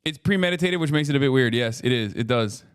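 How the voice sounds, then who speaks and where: A man's voice: mid-range voice, fast talker, clear, resonant tone. A man in his thirties chatting casually on a live stream, rambling and swearing freely as he reacts to a video. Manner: profane, rambling, animated asides.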